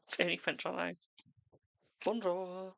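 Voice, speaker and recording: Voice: mid-range voice, animated, measured pace, creaky, fairly bright tone, no room sound. A tarot reader hosting a casual live stream, chatty and self-mocking, swearing freely.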